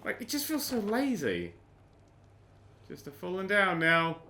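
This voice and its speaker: A man's voice: high voice, wildly swooping pitch, unhurried, sharp tone, slight background noise. Sarcastic sweary British man ranting. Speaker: gaming YouTuber. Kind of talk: sweary game commentary.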